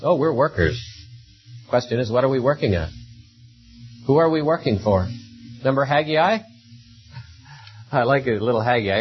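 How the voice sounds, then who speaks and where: A man's voice: mid-range voice, dull audio. A man preaching a sermon in a conversational way, often tagging rhetorical questions onto his points.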